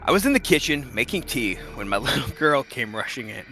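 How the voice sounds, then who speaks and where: A man reading a horror story aloud in first person, expressive and lively. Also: mid-range voice, a little fast, soft background music.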